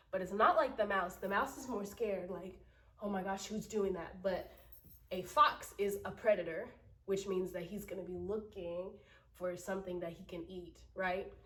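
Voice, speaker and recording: A woman teaching children an acting lesson, explaining slowly and patiently and often asking "right?". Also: mid-range voice. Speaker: drama teacher. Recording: roomy echo, from mic distance.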